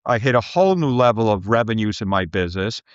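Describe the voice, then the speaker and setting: Male business coach, low voice, lively storyteller who mimics others; dull, dry recording. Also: quick pace, clean tone, no room sound. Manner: lively storyteller who acts out quoted people. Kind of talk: storytelling in a podcast interview.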